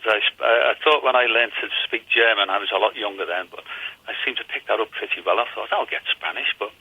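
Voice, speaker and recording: A man's voice: fairly low pitch, quick pace, vocal fry, husky, phone-quality sound. An older man with a Liverpool accent, a singer chatting as a radio guest and telling jokey, self-deprecating stories. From Liverpool, England. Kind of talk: radio interview chat.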